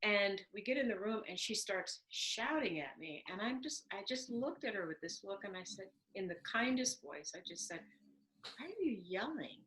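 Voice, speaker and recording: Animated woman host on a video call. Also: mid-range voice, moderate pace, hardly any pauses, low-quality recording. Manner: animated storyteller, warm and emphatic. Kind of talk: conversational interview.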